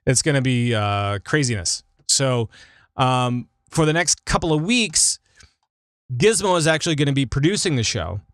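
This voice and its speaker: Lively, bright-voiced male podcast host. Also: mid-range voice, normal speed, no room sound, studio quality. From Minnesota. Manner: lively, jokey, breaks into big laughs. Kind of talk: casual chat.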